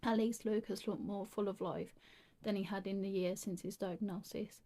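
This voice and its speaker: A woman's voice: mid-range voice, steady tone, normal speed, dark tone. A woman reading a creepy story aloud, stumbling and restarting often.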